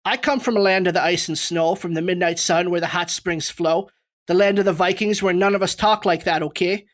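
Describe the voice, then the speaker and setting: A man's voice: high-pitched, a little fast, close to an everyday voice. A man playing a mock-indignant letter-writer with a put-on Minnesotan accent that slips toward Irish, reading a comic letter on a podcast. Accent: attempted Minnesotan, slipping toward Irish. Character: man mimicking a thick Upper Midwest accent, letter-writing.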